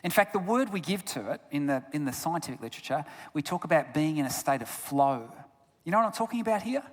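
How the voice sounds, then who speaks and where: A man giving a sermon as a guest speaker, telling stories with big swings between loud bursts and hushed asides. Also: fairly high pitch, lively intonation, fast talker. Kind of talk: storytelling sermon. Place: church sanctuary. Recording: long church reverb.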